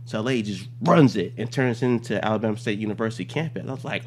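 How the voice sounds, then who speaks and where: A man's voice: mid-range voice, lively intonation, fast talker, hardly any pauses, slight background noise. A man telling a comic, profane story on a casual podcast. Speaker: storyteller guest.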